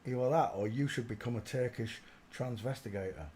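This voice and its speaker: A man with an ordinary mid-range voice talks his way through an image search on a casual livestream. He drops to quiet mutters as he clicks around, then jumps into loud, laughing outbursts. A faint background hum runs under the talk. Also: mid-range voice, fairly quick. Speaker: livestream host.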